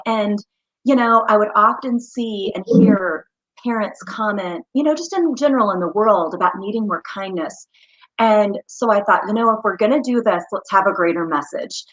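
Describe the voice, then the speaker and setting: A woman's voice: medium pitch, a bit bright. A woman speaks as a guest on an interview show, earnest and heartfelt as she tells her story. Her audio comes through slightly muffled and dull, as on a remote call. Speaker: guest, mother and small business founder.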